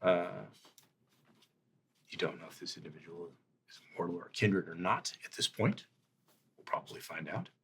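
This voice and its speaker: A man running a tabletop role-playing game as game master, setting scenes in measured descriptive narration. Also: low-pitched, fairly bright tone, slight background noise.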